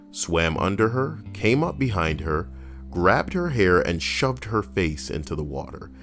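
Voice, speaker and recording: A man streaming, reading stories aloud and breaking off into blunt, profane commentary. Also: deep voice.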